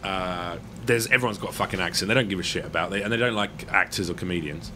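Fast, bright-voiced British man. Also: deep voice, a little hiss or hum. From Britain. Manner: joking, rambling, swearing. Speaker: podcast guest, comedian. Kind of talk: casual banter.

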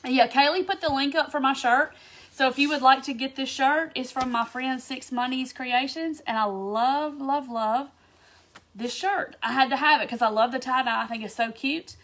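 A cheerful woman hosts a live craft stream. Her voice sits notably high, and her blocked sinuses give it a stuffy, congested sound. She chats in a bubbly, excitable way and greets her viewers by name. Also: moderate pace. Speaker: craft livestream host. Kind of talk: casual livestream chat greeting viewers.

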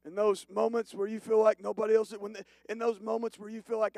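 A male pastor preaching a sermon, moving from hushed, slow passages to loud, emphatic declarations. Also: sits high, level tone, dry recording. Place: church.

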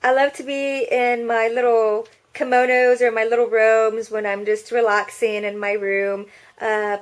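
Cutesy high-voiced woman vlogger. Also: little pitch movement, moderate pace. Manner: cutesy baby talk; bubbly and playful. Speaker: vlogger and martial arts student. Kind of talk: casual vlog chat. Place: her bedroom at home.

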